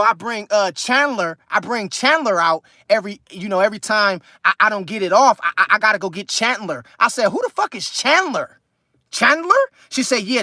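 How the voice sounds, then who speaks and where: A man with a California accent hosting a casual live stream, reading chat aloud and telling loose, profane, animated stories. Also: high-pitched, dry recording, studio quality. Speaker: livestream host reading chat.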